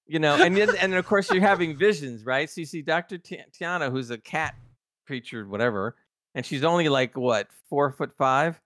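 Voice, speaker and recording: A man co-hosting a podcast, chatting casually about a TV episode and retelling scenes with excited quoted reactions. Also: on the high side, normal speed, no echo, clean studio sound. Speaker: podcast co-host. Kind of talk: casual TV review chat.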